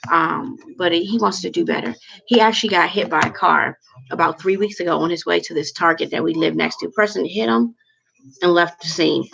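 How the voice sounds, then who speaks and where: 40-something woman rambling through a story, lots of ums, kinda gets emotional, heavy vocal fry, muffled lo-fi audio. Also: on the low side, fairly quick, fairly bright tone. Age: 40s. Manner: chatty, emotional, rambling with many fillers. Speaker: vlogger. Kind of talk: casual storytelling to camera.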